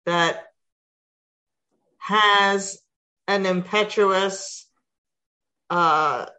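A woman's voice: medium pitch, very slow, sharp tone, poor audio. A woman in a class asking the teacher a question, hesitating and searching for her words. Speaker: class participant. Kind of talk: question from the audience.

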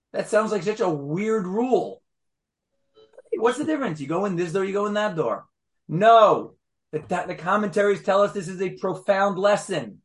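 A man with a notably high voice teaches a lively Torah class. He speaks emphatically and keeps throwing rhetorical questions at his listeners.

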